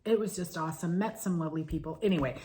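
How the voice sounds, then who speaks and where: A woman with a fairly low voice chats casually about her stitching for her channel. She drifts into side stories and then brings herself back to the topic. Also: quick pace, warm tone, slight background noise. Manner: chatty, digressive storyteller. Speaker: flosstube co-host.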